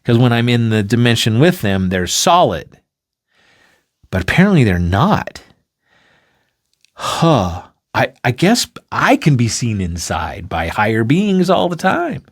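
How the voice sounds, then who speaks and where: A man voicing a playful, baffled two-dimensional man who trips over his words and breaks into high, squeaky outbursts. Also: sing-song, measured pace. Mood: wondering.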